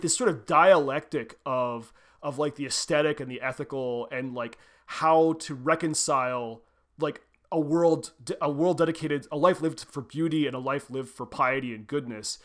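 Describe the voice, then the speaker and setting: Animated man chatting about books. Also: on the high side, normal speed. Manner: animated, acts out quoted lines, laughs often. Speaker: podcast co-host. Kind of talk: casual literary discussion.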